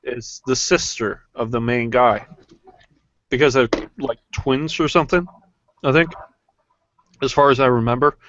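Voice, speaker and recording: A man's voice: mid-range voice, steady tone, unhurried, pauses often, fairly bright tone, highs cut off, slight background noise. A man from Norway chatting casually with friends in a live group hangout, stammering, restarting and swearing often.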